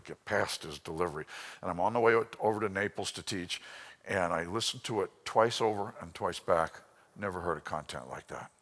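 A man teaching a sermon from an outline, telling stories and acting out the people he quotes. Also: fairly low pitch. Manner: storytelling, voices quotes, drops to a whisper. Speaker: Bible teacher. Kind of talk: lively sermon with anecdotes. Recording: long hall reverb.

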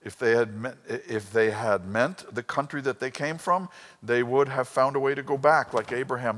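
A man preaching a sermon, telling a personal story with emotion and swinging between loud bursts and hushed lines. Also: medium pitch, moderate pace, big-room sound. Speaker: pastor.

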